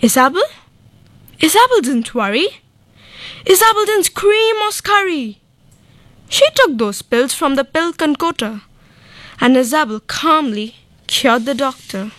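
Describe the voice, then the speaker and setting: A girl reciting poems in an expressive, deliberate way, her high voice swooping widely. She takes her time over each line. The sound is close and dry. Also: dry recording. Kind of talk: poetry recitation.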